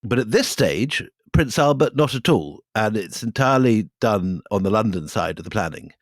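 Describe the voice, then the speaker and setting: A man's voice: fairly low pitch, sing-song, normal speed, no room sound, clean studio sound. A man co-hosting a history podcast, explaining events in an amused way and chuckling between points. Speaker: podcast co-host.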